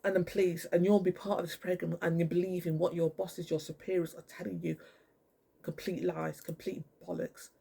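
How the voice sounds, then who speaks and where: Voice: medium pitch, level tone, moderate pace, gravelly, dark tone, breathy edge. A speaker delivering an angry, profane, rambling monologue to camera.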